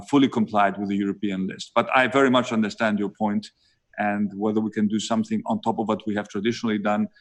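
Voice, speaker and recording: A man with a Greek accent speaks in a low voice over a video call. He answers interview questions in measured phrases, pausing often and filling the gaps with soft hesitations. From Greece. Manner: deliberate, many pauses and filler sounds. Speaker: prime minister being interviewed.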